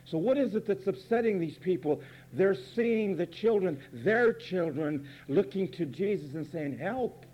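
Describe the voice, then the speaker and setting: A man's voice: high-pitched, expressive, a little slow, hardly any pauses, darkish tone. A man preaching a fiery, sarcastic sermon from the pulpit, emphatic and blunt. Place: church pulpit.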